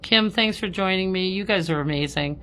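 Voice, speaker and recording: A woman's voice: mid-range voice, a little fast, a bit bright, slight background noise. A woman working as a spiritual medium, chatting on a live stream with viewers, laughing often and ending lines with "okay?".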